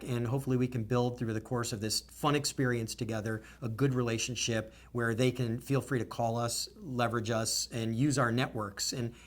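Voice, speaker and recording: Earnest, emotional executive man. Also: mid-range voice. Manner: earnest, emotional, stream of consciousness. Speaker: business executive interviewee. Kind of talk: candid interview answers.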